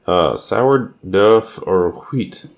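A man with a very deep voice, co-hosting a podcast in casual conversation. He fires off quick questions and teases his partner about her answers. His delivery is playful and unscripted. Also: expressive, creaky. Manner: teasing, quick-fire questioning. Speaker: podcast co-host. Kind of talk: casual chat.

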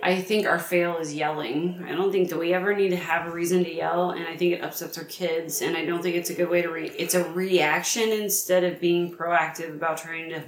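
A woman's voice: fairly low pitch, fairly even intonation, brisk, hardly any pauses. A young adult woman co-hosting a podcast, teasing and persistent as she calls her partner out. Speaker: podcast co-host. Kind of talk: casual bickering chat. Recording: roomy home recording, faint hiss.

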